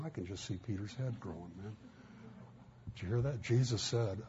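Low, mellow-voiced man preaching. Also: fairly quick. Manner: folksy storytelling, acts out quotes. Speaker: pastor. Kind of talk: sermon. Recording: muffled, faint background hiss.

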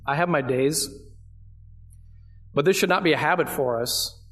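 A man's voice: on the high side, normal speed, a bit bright, faint music behind. A man preaching a verse-by-verse sermon, conversational, asking his listeners questions and leaning hard on key phrases. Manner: conversational, asks the congregation questions; emphatic, leans on key phrases. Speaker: pastor.

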